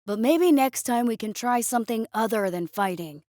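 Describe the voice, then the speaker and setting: A woman voicing a determined young male human student who speaks low and steady. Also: normal speed, no echo, studio quality, close to an everyday voice. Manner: low, steady, through gritted teeth.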